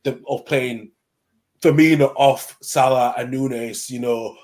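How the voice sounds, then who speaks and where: A man's voice: medium pitch, fairly even intonation, slow, darkish tone. A man co-hosting a casual football watchalong, rambling, repeating words and trailing off. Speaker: co-host.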